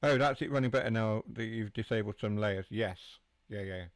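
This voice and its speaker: Low, dry-sounding male streamer, easygoing live commentary that drifts into replies to the chat. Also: a little fast, no echo. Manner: chatty, answers chat while driving. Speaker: game streamer.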